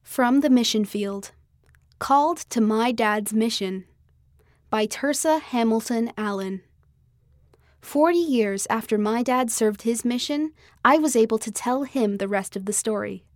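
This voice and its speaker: A woman's voice: a little high, measured pace, no echo. A woman reading a first-person church magazine story aloud in an earnest, heartfelt manner, close on a studio mic. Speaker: audio magazine reader. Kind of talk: scripted first-person narration.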